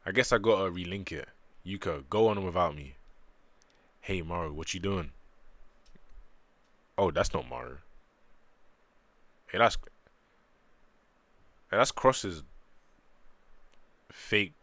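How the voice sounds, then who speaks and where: Animated man streaming a manga read. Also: deep voice, slow pace, long pauses, no echo. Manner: animated, jokey, breaks into loud excited bursts. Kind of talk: reading manga aloud with casual commentary.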